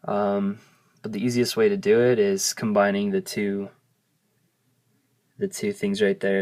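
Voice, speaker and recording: Slow and patient, a man teaches vowels in a relaxed video lesson, saying the sounds aloud as examples. English is his first language, and his lowish voice stays level with a slightly mellow quality.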